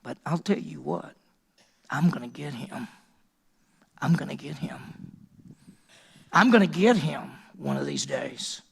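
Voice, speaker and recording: A male pastor voicing a vengeful older brother who quietly vows to get back at someone. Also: on the high side, animated, a little slow, vocal fry, long pauses, husky, heavily acted. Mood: menacing.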